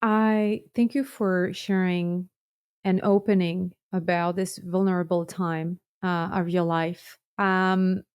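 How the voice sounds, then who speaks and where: Woman podcast host, slightly low voice, encouraging and supportive with her guest. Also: little pitch movement, takes it slowly, a little mellow, clear, resonant tone. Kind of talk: interview podcast.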